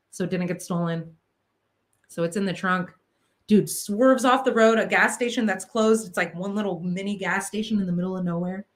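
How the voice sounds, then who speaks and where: Woman telling a personal story, animated. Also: mid-range voice. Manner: emotional, tumbling, filler-heavy retelling. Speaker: vlogger.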